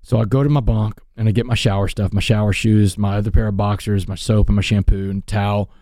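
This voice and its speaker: A man telling his life story as a guest in an interview, in an earnest, animated way. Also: on the low side, fast talker, no echo, clean studio sound.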